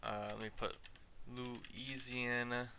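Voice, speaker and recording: A man's voice: mid-range voice, flat delivery, slow, gravelly, background noise. A man hosting a podcast, ranting casually in a rambling, profane way and trailing off into asides. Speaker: podcast host.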